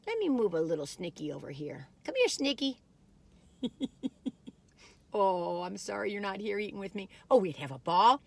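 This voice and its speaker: A woman's voice: medium pitch, a bit bright, no echo. A middle-aged woman chatting casually while taste-testing food, rambling and giggling as she goes. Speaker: food reviewer.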